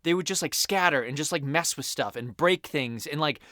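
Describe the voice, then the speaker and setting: Man, podcast co-host, bright tone, dry close sound, rambling animated chat. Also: a little high, brisk, no echo. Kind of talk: casual chat.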